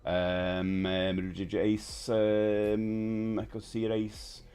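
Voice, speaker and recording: A man's voice: fairly low pitch, completely flat delivery, drawn-out words, a little mellow, smooth, faint music behind. A man, hosting a casual live stream and chatting with viewers in a rambling, friendly way. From United Kingdom. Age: 50s. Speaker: livestream host.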